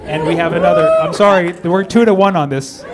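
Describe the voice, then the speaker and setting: At a comedy club, a male stand-up does a brash, profane set, riffing with the crowd. His voice is high and his pace normal. The live room sounds roomy, with crowd noise and audience laughter.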